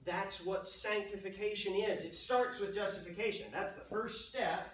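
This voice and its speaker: A man teaching an adult Sunday school class, talking with the group, asking them questions and slowing down to stress key words. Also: sits high, fairly even intonation, fairly bright tone, far from the mic. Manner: conversational, asks the class questions, slow emphatic stresses. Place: church classroom. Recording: roomy sound, speaker off mic.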